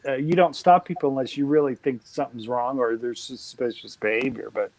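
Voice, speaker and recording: A man's voice: medium pitch, steady tone, fairly quick, darkish tone, a little hiss or hum, low-quality recording. A man in casual conversation who often chimes in with short agreements. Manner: responsive, frequent short agreements. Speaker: conversation partner. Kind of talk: casual chat.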